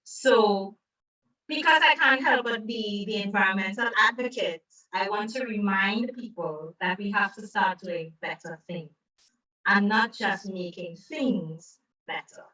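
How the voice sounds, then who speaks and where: A woman from Trinidad, an environmental advocate and author, speaking as an interview guest and telling stories with lively quoted voices. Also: mid-range voice, measured pace, recorded from a distance, highs cut off. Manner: animated storytelling, acts out quoted voices. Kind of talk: conversational interview. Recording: roomy echo, away from the mic.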